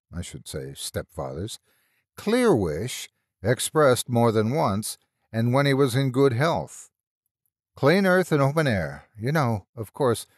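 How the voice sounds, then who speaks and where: A male narrator voicing a formal, brisk country rector giving orders in a storybook reading. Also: medium pitch, no echo, clean studio sound, exaggerated voice. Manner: brisk, formal and a little impatient. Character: brisk middle-aged country rector, impatient and proper.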